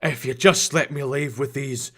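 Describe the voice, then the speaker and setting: A man's voice: fairly even intonation, normal speed, sharp tone. A man voicing an old, grumbling Scottish hunchback with a thick accent. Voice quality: grumbling, low mumble.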